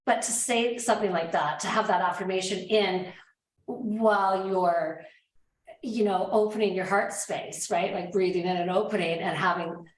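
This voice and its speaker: A woman's voice: mid-range voice, fairly even intonation, normal speed. A woman hosting an interview, thoughtful and searching for her words as she talks. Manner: thoughtful, rambling with restarts. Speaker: podcast host. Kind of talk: conversational interview. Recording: roomy echo.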